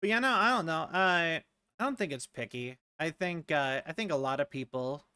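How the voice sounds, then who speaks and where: A streamer at a home setup chats casually while playing a game, rambling and tossing in joking asides. The voice is mid-range, expressive and at a moderate pace, pushed and bright but clean, with no room sound.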